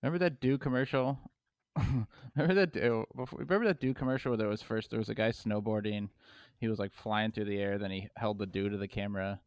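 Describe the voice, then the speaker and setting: Low-voiced teasing podcast man. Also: fairly even intonation, quick pace, a little mellow, no room sound, clean studio sound. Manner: asks questions, teasing. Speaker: podcast co-host. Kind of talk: casual chat.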